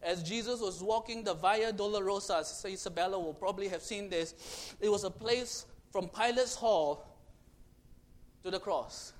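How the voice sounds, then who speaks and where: A man preaching a sermon to children, storytelling dramatically and swinging between loud and hushed. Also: sits high, normal speed.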